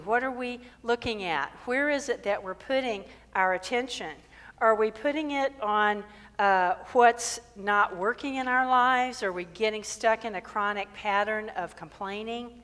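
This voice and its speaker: A woman's voice: fairly high pitch, fairly bright tone. Chatty woman preaching in a hall. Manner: conversational, joking, asks rhetorical questions. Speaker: minister. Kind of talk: sermon. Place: church sanctuary. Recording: long reverb in a hall.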